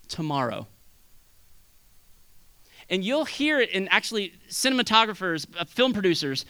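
Animated, bright-voiced male preacher. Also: high voice, clean tone, dry recording. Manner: animated, swings between loud bursts and hushed asides. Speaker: pastor. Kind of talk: sermon.

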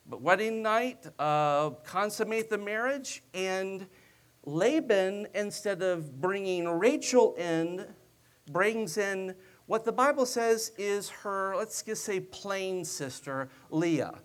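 A man's voice: sits high, lively intonation, slow. A male preacher delivering a sermon in a conversational storytelling style, with joking asides to his listeners.

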